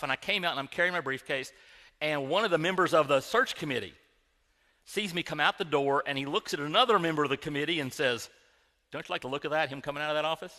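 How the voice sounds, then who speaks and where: A middle-aged man delivers a sermon in a church sanctuary, his voice bright and a little high. He talks like he's telling a friend a story, circling back and restarting phrases. A long reverb trails behind him in the hall. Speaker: pastor.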